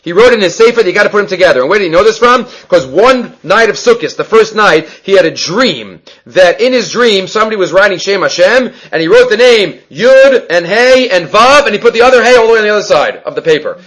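A man giving a Talmud class, explaining quickly and with energy, mixing in Hebrew and Aramaic terms. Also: sits high, lively intonation, fairly bright tone, low-quality recording. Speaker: Talmud teacher.

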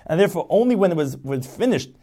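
A man's voice: high-pitched, very animated, quick pace, dark tone. A man teaching a text as a lecture, explaining step by step and rephrasing each point. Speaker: Talmud teacher.

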